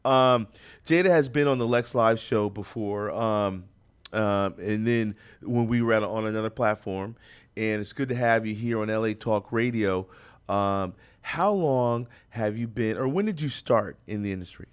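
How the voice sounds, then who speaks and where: A man's voice: on the low side, moderate pace, clean tone. A man hosting a radio talk show from a studio, bantering and joking with a playful, hyped announcer-style delivery.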